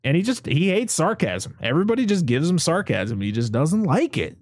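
A man from the US, living where beavers are common, hosts a casual podcast and recaps a movie plot in a slightly high, slightly fast voice. He's animated and sarcastic, swearing in his asides and laughing often. The recording is dry and studio quality.

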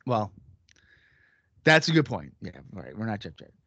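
A man's voice: on the low side, big pitch swings, moderate pace, pushed and bright, no echo. A man co-hosting a casual wrestling podcast, talking bluntly with plenty of swearing and teasing. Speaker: podcast co-host. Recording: dull, dry lo-fi recording.

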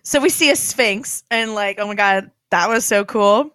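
A young woman co-hosting a podcast in casual chat, animated and giggly, scattering "like" through her talk. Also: medium pitch, moderate pace, clean tone, dry recording. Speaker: podcast co-host.

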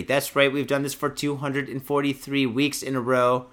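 This podcast host is a young man who's had a few drinks and is ranting about the news, foul-mouthed and funny. His mid-range, somewhat bright voice barely shifts in pitch, moving at a moderate pace with few pauses as he swears and circles back over the same points.

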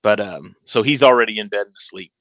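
A man in his thirties hosting a casual chat, animated, stumbling over restarts and acting out quotes. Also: lowish voice, fast talker, no echo, poor audio. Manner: animated, stammers, acts out quotes. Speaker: podcast host. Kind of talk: casual chat about a TV episode.

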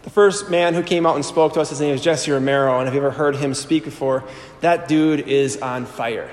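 A priest in his thirties telling his personal testimony to a live audience. He tells it with animated storytelling and acts out the voices he quotes. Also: fairly high pitch, a little fast. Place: large hall before an audience. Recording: echoey hall with long reverb.

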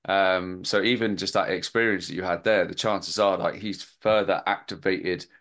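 A man's voice: low voice, fairly even intonation, normal speed, a bit bright. A man in casual podcast chat, talking enthusiastically and rambling with lots of fillers. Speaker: podcast host.

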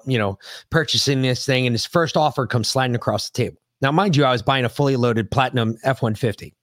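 A man's voice: medium pitch, no room sound, studio quality. A man co-hosting a podcast, telling stories in a casual, profane way and cutting in to correct his co-host. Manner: animated, profane storyteller who cuts in to correct. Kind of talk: casual storytelling chat.

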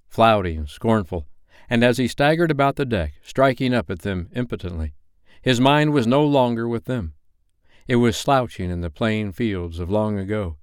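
Smooth low-voiced male storyteller. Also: no room sound, clean studio sound. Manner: measured, expressive reading. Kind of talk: bedtime story reading.

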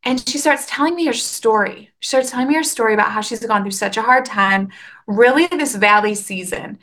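A woman hosting a faith podcast, talking in an animated, earnest and chatty way with quick restarts. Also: a little high. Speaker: podcast host. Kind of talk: casual faith podcast monologue.

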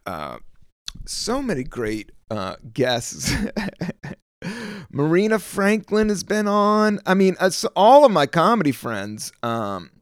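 A man's voice: a little high, clear, resonant tone, no room sound, studio quality. A middle-aged man from the United States, a comedian hosting his own solo podcast, rambling loosely with plenty of swearing and trailing off while searching for words. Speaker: podcast host.

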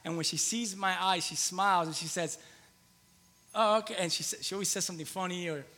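A man's voice: high-pitched, steady tone, fast, bright, forceful tone, long reverb tail. A man in his thirties preaching a conversational sermon in a church, repeating phrases for emphasis. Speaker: pastor. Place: church hall with long reverb.

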